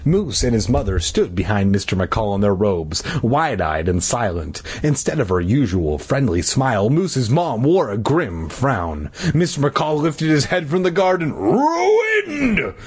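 A man's voice: lowish voice, very animated, measured pace, hardly any pauses, a little mellow, slightly rough. A man reading a children's book aloud for laughs, breaking off for crude asides and mock corrections. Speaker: reader and comedian.

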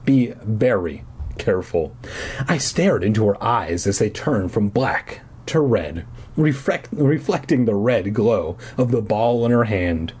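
A man's voice: fairly low pitch, lively intonation, unhurried, a little mellow, breathy edge. A man in his twenties reading a children's book aloud on a podcast, with wry, self-mocking asides. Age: 20s.

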